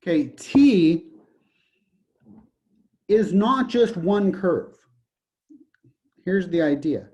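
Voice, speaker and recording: A man's voice: high-pitched, expressive, very slow, long pauses, mellow. A man teaching a college statistics lecture, joking and digressing, often saying "okay" as he explains. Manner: jokey, digressive, repeats "okay". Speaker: college math professor.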